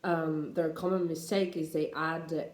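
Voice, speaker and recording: A Spanish-accented woman teaching English pronunciation, talking slowly and pausing often to restart her sentences. Her voice sits a little low, and the recording carries a noticeable room echo. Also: little pitch movement, darkish tone. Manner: unhurried, with many fillers and restarts. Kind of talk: explaining pronunciation tips.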